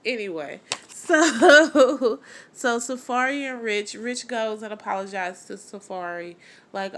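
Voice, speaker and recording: A woman's voice: on the high side, slow. A young woman vlogger recapping a reality show in casual, slangy, gossipy chat, talking animatedly as she acts out bits of what people said. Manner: chatty, slangy, animated gossip with acted-out quotes.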